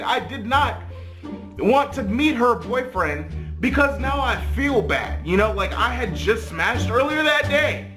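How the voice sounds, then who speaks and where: A man's voice: very high-pitched, animated, measured pace, over music. A man telling a story to the camera in a casual, rambling way, swearing freely and tagging his sentences with "right?" and "like". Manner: profane, rambling, many "like" and "right?" tags. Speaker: vlogger.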